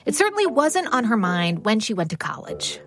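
A woman's voice: a little high, fairly quick. A woman hosting a radio show, reading scripted narration. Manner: lively, scripted delivery.

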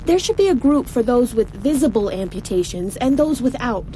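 A woman's voice: on the high side, expressive, normal speed, warm tone, slight background noise, close to an everyday voice, rough recording. An actress voicing a blunt, flirtatious woman in an audiobook, with dry, frank humor. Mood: wry. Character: wry adult woman amputee, blunt and flirtatious. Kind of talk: audiobook dialogue.

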